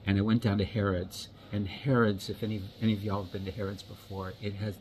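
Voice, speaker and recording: A man from the United States, telling a story in a rambling, halting way and often repeating his words. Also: fairly low pitch, creaky, slight background noise, low-quality recording. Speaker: watch vlogger. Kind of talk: casual storytelling.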